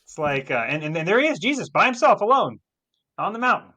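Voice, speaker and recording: A man co-hosting a Bible lesson, explaining in a casual, animated way with emphatic stress. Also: sits high, quick pace. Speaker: Bible teacher co-host. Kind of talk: casual teaching discussion.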